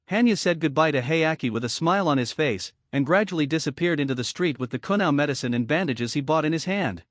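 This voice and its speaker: A man narrating an anime recap at a steady reading pace. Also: on the high side, quick pace, hardly any pauses, no room sound, clean studio sound.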